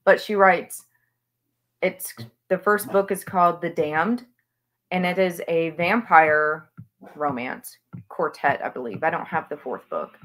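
A woman's voice: lowish voice, unhurried, a bit bright. A woman author chatting as an interview guest, talking with gushing enthusiasm about books she loves. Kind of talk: casual interview chat.

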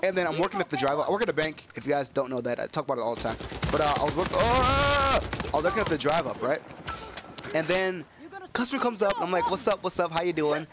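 A young man with a cold giving excitable, chatty commentary while playing a shooter game. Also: on the high side, rapid-fire, noisy background. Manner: excitable, yelps and trails into chatty stories. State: sick with a cold, coughing. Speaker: gaming YouTuber. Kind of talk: casual gameplay commentary. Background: game gunfire.

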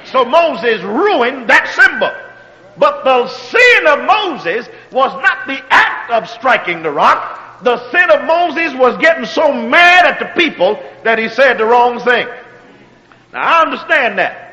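A man preaching a sermon, checking in with his congregation and moving between quiet, drawn-out phrases and shouted exhortations. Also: very high-pitched, very animated, in a large hall, dull audio. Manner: call-and-response preaching, asks if the congregation is still with him.

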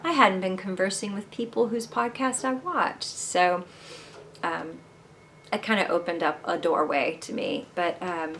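A woman's voice: on the low side, unhurried, a bit bright, slight background noise. A woman hosting a knitting video podcast at home, chatting and rambling casually to camera and asking her viewers questions. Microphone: camera mic, moving handheld camera.

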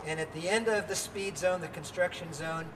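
High-voiced older male preacher outdoors. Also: moderate pace, long reverb tail, far from the mic, background noise. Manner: earnest, with fillers and restarts. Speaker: pastor. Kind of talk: sermon.

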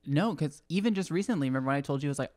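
Fast-talking young man, reflective guest. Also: fairly high pitch, lively intonation. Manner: reflective, fast, frequent soft agreement sounds. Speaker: podcast guest. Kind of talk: casual chat.

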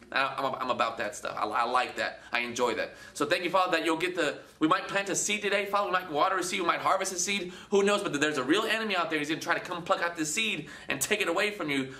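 A man with a high, bright voice preaches casually to his viewers as a Christian channel host. He is animated, slips into the voices of people he quotes and repeats words as he goes. The room around him sounds echoey.

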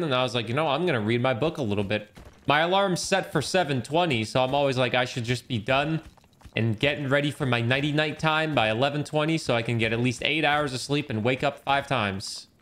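A young man streams a game and chats in a rambling, joking way over the gameplay, swearing freely. His voice is fairly high and fairly bright.

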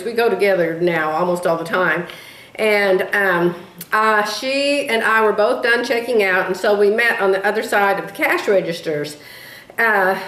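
A woman's voice: mid-range voice, a bit bright. A woman in her sixties telling rambling stories in a casual vlog, chatty and drifting off topic, laughing at herself. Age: 60s. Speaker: beading vlogger. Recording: echoey room.

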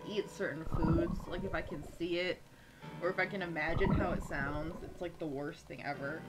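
A woman's voice: fairly low pitch, steady tone, moderate pace. A young woman hosting a game playthrough, giggling and rambling emotionally as she comments. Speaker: gaming video host. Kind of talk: let's play commentary. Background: loud game music.

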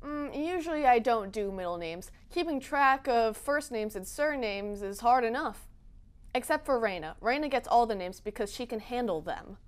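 A young woman hosting a comedy video, reading tweets aloud in quick playful voices with a sassy, dramatic delivery. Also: fairly high pitch, lively intonation. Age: young adult. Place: Boston.

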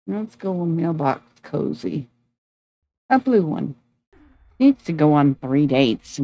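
A woman's voice: sits low, sing-song, slow, pauses often, mellow, no room sound, faint music behind, rough recording. A woman giving casual commentary over her gameplay, talking to her game characters like a fussing mom. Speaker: gameplay video creator.

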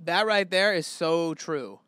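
A man's voice: fairly high pitch, expressive, takes it slowly, pushed and bright, a little hiss or hum. A man casually reacting to a video, candid and chatty, thinking aloud as he comments. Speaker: reaction host.

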